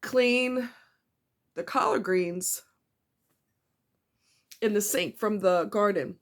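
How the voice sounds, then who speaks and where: A woman vlogger speaks in a personal confessional style, her throat tight and her voice emotional. She talks haltingly, with frequent ums and restarts, and swears bluntly. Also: mid-range voice.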